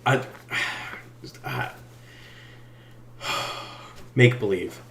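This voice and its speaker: A man's voice: low-pitched, big pitch swings, very slow, a bit bright, echoey room. A man co-hosting a podcast, chatting casually with sarcasm, profanity and laughter. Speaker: podcast co-host. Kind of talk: casual chat.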